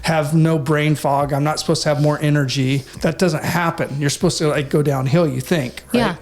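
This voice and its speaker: A man's voice: fairly high pitch, steady tone, moderate pace. Man, 40s, podcast guest, chatty, laughs easily, rambles. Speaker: podcast guest, company representative. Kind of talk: casual interview chat.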